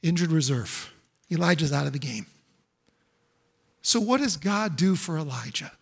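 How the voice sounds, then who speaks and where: A man's voice: on the high side, expressive, normal speed, creaky, husky. A male pastor preaching a sermon in an emphatic, repetitive way, full of rhetorical questions. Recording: echoey hall with long reverb.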